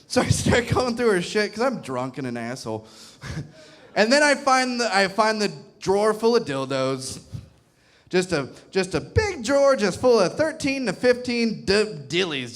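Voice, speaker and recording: Animated high-voiced male stand-up comic. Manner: animated, crude storytelling with laughs. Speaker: stand-up comedian. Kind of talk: stand-up comedy set. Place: comedy club stage before a live crowd.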